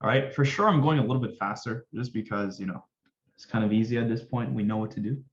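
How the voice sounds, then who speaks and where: A man's voice: mid-range voice, fast. Guy doing a chill finance tutorial, upbeat, jokes around, echoey room, kinda muffled. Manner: upbeat, chatty, jokey asides, talks to viewers as y'all. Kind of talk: casual screen-recorded lesson.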